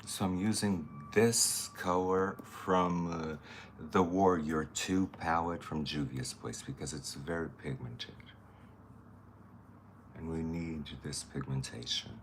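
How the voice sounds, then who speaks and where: Guy with a deep voice doing makeup, slow easy chat, bit of faint room noise. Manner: chatty, thinking aloud while working, greets viewers. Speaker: makeup artist. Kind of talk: casual makeup tutorial chat.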